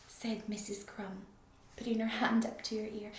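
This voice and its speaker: A woman's voice: medium pitch, level tone, normal speed. A woman reading a children's story aloud, playful and often dropping to a whisper. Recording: roomy echo.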